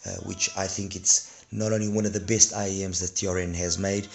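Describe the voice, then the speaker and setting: Hoarse, very deep, gravelly-voiced man. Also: little pitch movement, fairly quick. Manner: rambling, many restarts and fillers. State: hoarse from a throat infection and cold. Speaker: earphone reviewer. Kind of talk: casual product review.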